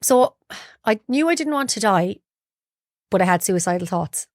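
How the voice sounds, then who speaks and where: A woman's voice: mid-range voice, lively intonation, moderate pace, darkish tone, dry recording, clean studio sound. A young woman speaking openly as an interview guest, telling her story and acting out what people said to her. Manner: open, confiding storyteller, acts out her own quotes. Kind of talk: candid personal interview. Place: podcast studio.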